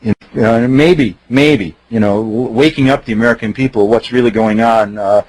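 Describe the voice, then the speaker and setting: A man's voice: medium pitch, normal speed, a little mellow, no room sound, poor audio. A man hosting a radio talk show, affirming his guest and taking calls. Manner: affirming listener, short backchannels. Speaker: radio host. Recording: dry radio studio.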